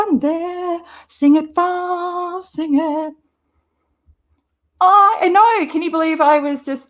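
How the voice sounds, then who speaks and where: An Australian woman hosting a livestream, chatting casually and rambling as she answers viewers' comments. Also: on the high side. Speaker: livestream host. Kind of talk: casual chat with live viewers.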